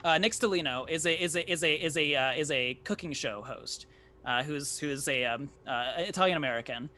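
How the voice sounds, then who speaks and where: A man chatting casually about a tabletop game session, rambling with lots of restarts and filler words. His voice is a touch high and very bright. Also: brisk, slight background noise.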